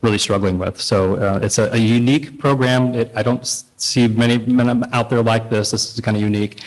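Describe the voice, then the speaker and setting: A man who is a school district administrator informally introducing a speaker at a board meeting, with halting restarts. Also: medium pitch, steady tone, rough recording.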